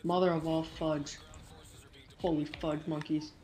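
A woman giving live gameplay commentary, excitable and jumpy, breaking into quick exclamations and goofy minced oaths. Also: low-pitched, slight background noise. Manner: self-censoring, silly minced oaths.

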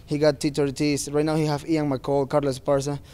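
Man, fighter, post-fight press interview, earnest, non-native phrasing, warm tone. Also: a little high, little pitch movement, fairly quick, smooth.

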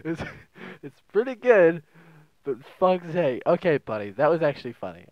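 A man's voice: fairly high pitch, big pitch swings, normal speed, no echo, dull audio. A young man giving casual, crude, joking commentary while playing a game, often reading messages aloud in silly voices. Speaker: gaming video host. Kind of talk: casual let's play commentary.

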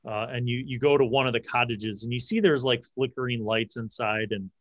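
A man's voice: mid-range voice, no room sound, muffled recording. A man narrating a tabletop game as game master, often restarting his sentences. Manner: halting, frequent restarts.

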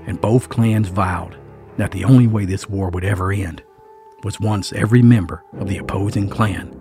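Speaking at normal speed, a storyteller with a low male voice narrates a dark folk tale in a dramatic, scripted style. His manner is suspenseful and folksy, punctuated by emphatic asides, over faint background music.

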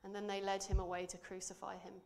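A woman with a creaky, mid-range voice and a completely flat delivery preaches in church, reading scripture. She remains measured and earnest, and drops her voice softly for emphasis.

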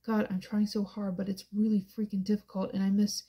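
A woman reading as a heartbroken young man, hushed. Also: medium pitch, little pitch movement, fairly quick, breathy edge. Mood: pleading. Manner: hushed, strained, quiet. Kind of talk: audiobook character reading.

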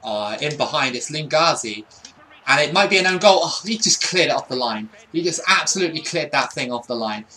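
A man's voice: fairly high pitch, animated, a little fast, sharp tone. A young man giving casual commentary over a football video game, often frustrated and swearing at it. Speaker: gaming YouTuber.

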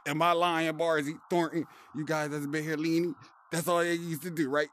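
A man's voice: on the high side, level tone, normal speed, fairly bright tone, slight background noise. A young man trash-talking casually while playing a VR hockey game, boastful and slangy, laughing often, on a headset mic. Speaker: VR hockey player.

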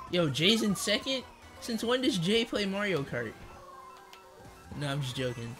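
A young man streaming a kart racing game, chatting in slang, joking, reading chat aloud and yelling at the game. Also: high voice, animated, measured pace, pauses often. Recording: faint game music behind.

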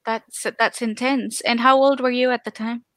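A woman hosting an interview, reacting briefly and asking gentle follow-up questions. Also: on the high side, flat delivery, normal speed, no echo. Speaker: host.

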